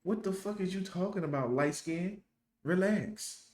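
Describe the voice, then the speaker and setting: A man's voice: high-pitched, unhurried, darkish tone, roomy sound. A man hosting a reaction video, giving blunt, profane, mocking commentary. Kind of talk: heated commentary.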